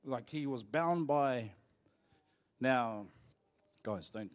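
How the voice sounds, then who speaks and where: Delivering a storytelling sermon in church, this New Zealand-accented male pastor uses a medium-pitched, expressive voice and draws out his words. He tells cheeky, joking stories and voices quotes more loudly.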